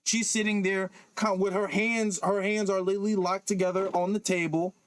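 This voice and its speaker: A man's voice: high voice, level tone, normal speed, clean tone. Emphatic man commenting on clips. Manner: repetitive, emphatic, often says okay. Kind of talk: reaction video commentary.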